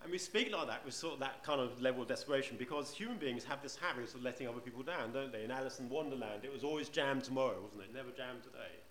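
A man delivers a sermon in a roomy church, his voice carrying a clear echo and a faint wash of room ambience. He speaks conversationally and keeps turning to the congregation with rhetorical questions. His pitch sits in the middle of the usual male range. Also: quick pace, hardly any pauses, fairly bright tone, a little hiss or hum. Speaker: preacher.

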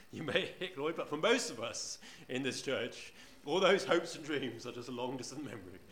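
A man's voice: mid-range voice, lively intonation, normal speed, fairly bright tone. A man preaching a sermon in church, conversational, often asking the congregation rhetorical questions. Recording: roomy church echo.

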